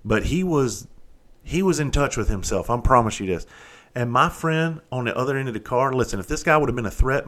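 A man who used to be a police officer and is from South Carolina, telling a long profane story in a casual, animated way, sometimes loud and sometimes hushed. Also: fairly low pitch.

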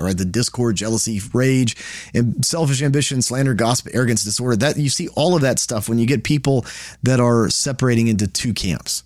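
A man hosts a Bible study lesson in an easy, conversational voice, often repeating and restarting words as he explains. His pitch sits mid-range for a man. The sound is dry and close. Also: fairly quick, darkish tone, no room sound. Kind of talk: casual Bible teaching.

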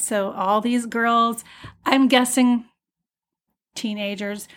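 Gentle woman hosting a devotional podcast. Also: fairly high pitch. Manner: gentle, unscripted, with fillers and restarts; slow, tender reading of hymn verses. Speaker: podcast host. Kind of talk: devotional podcast talk and hymn reading.

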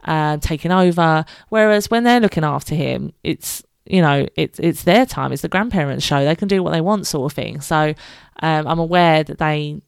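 A British woman chats through her solo podcast in a low, smooth voice with a gravelly edge. She is frank and informal, laughs easily and swears now and then. The sound is close and dry. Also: normal speed, no room sound. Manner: chatty, candid, laughs often, swears freely. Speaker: podcast host. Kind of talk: casual solo podcast chat.

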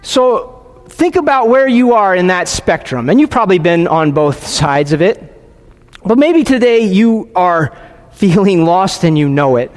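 High-voiced pastor in a reverberant hall. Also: male voice, lively intonation. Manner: earnest, pausing, with frequent restarts. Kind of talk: sermon with guided prayer and scripture reading.

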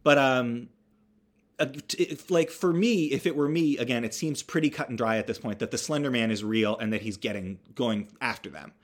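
A man's voice: mid-range voice, moderate pace. A man casually recapping a horror movie, rambling with wry asides and self-corrections.

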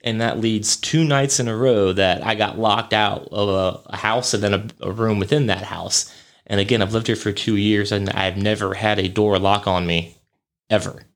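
A man's voice: fairly low pitch, fairly even intonation, moderate pace. A young man hosting a podcast, rambling through a casual story with lots of fillers, swearing and chuckles. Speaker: podcast host.

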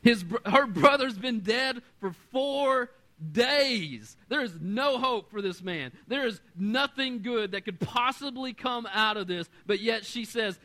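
A man in his thirties preaching a sermon, animated, swinging between loud and quiet and acting out the voices he quotes. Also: high voice, a little slow. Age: 30s. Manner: acts out quoted voices in conversational storytelling. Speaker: pastor.

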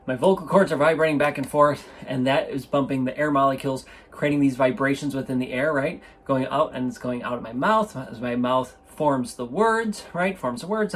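A man's voice: medium pitch, breathy edge. A man hosting a podcast, chatting casually and enthusiastically, rambling and often restarting his sentences, recorded on a microphone in an indoor room. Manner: enthusiastic, rambling, self-interrupting. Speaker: podcast host. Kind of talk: casual solo podcast talk. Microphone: studio microphone.

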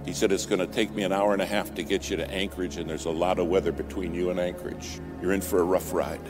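A man preaching a sermon as a story, dramatic, rising to loud peaks and dropping to near whispers. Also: low-pitched, little pitch movement, fast talker. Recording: music bed under the voice.

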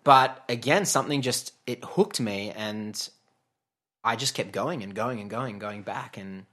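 A man's voice: fairly low pitch, a little slow, fairly bright tone. A man, telling a long personal story as a guest in a casual interview, chatty and laughing, with many fillers and restarts.

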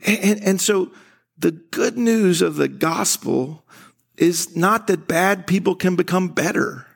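Unhurried gravelly pastor preaching. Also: male voice, high-pitched. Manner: conversational, laughing often, acting out quoted voices; frequent restarts and stammered starts. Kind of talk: sermon. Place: church service.

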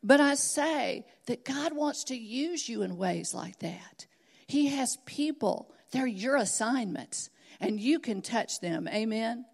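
A middle-aged woman preaches, her voice sitting a little higher than most. She tells her stories earnestly and then presses her point home with emphatic, rising exhortation. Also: animated, slow pace, creaky. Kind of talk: sermon.

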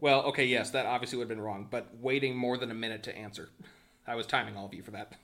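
A man's voice: mid-range voice, fairly even intonation, fast, a bit bright. A man narrating as game master of a tabletop game, in a dry, teasing way.

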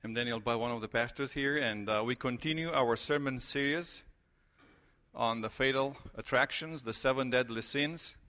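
A man's voice: mid-range voice, normal speed, pushed and bright. A middle-aged man from Romania with a Romanian accent, preaching a conversational sermon as a pastor in a church, telling stories with many fillers. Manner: storytelling, conversational with frequent fillers.

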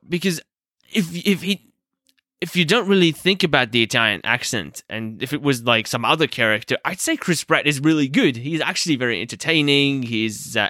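A man's voice: mid-range voice, sharp tone, no room sound, clean studio sound. A young man hosting a movie review show, speaking casually and hesitantly, with many fillers and self-corrections. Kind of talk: casual spoken film review.

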